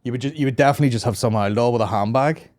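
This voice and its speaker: A man's voice: medium pitch, racing, a little mellow. A man in his thirties with a Northern Irish accent, hosting a comedy podcast in loose, rambling, profane chat with laughs between riffs. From Northern Ireland. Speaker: podcast host.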